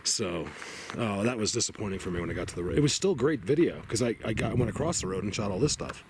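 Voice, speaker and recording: Walking through a forest, a man talks to his camera in a rambling, excitable way, packed with fillers and slightly out of breath. This outdoor vlogger has a lowish voice and talks fast, and the field recording is noisy.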